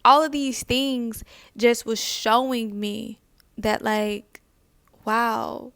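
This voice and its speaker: Young woman vlogger, higher pitch with gravelly fry, dry close sound, casual reflective talk. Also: flat delivery, extremely slow, fairly bright tone, no room sound. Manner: conversational, repeats phrases, asks many questions. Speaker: spiritual vlogger.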